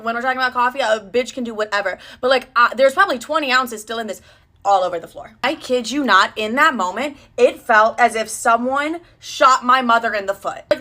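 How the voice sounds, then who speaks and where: A woman's voice: fairly high pitch, bright, forceful tone. A young woman telling a story casually, dramatic and self-mocking, full of swearing.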